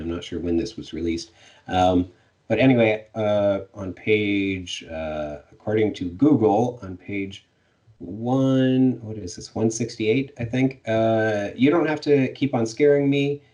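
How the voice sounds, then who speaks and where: A man's voice: lowish voice, mellow, distant mic, dull audio. A man chatting casually about a novel with his co-host. He hesitates with ums and laughs easily, and he sits a little back from the microphone. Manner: laughs often, hesitant with fillers. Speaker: podcast co-host. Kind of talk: casual book discussion.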